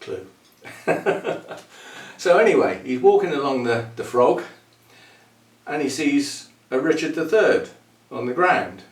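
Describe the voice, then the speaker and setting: A man's voice: medium pitch, roomy sound, distant mic. A man from the UK hosting a channel, chatting casually and playfully and chuckling at his own wordplay. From United Kingdom. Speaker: orchid channel host. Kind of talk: casual rambling chat to camera.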